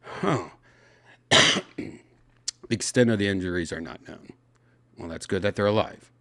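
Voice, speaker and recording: Reading news stories out on his podcast, a man with a deep, creaky voice speaks a little slowly. His reactions are animated and full of exclamations and swearing in the casual chat. The recording is dry.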